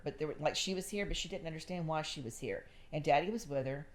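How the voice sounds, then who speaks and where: Middle-aged woman, low voice, chatty and animated podcast host. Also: fast talker, hardly any pauses. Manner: chatty storyteller, animated, says y'all. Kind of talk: casual chat.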